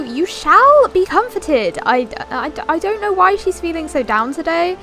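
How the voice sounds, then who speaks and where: High, lively young woman narrating gameplay. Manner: chatty and animated, often bemused, with quick restarts. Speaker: gaming YouTuber. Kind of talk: casual gameplay commentary.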